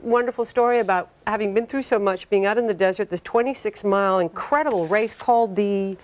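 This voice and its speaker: A woman hosting a television talk show, interviewing her guest in a warm, admiring manner. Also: medium pitch, a little fast.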